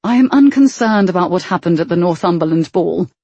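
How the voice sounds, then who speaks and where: A stern, clipped young gentleman scolds as an exasperated older brother in a storybook reading, as a woman narrator puts him on. The voice is a little husky and mellow. It sounds close and dry, with no room around it. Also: fairly low pitch, lively intonation, brisk, no room sound, highs cut off.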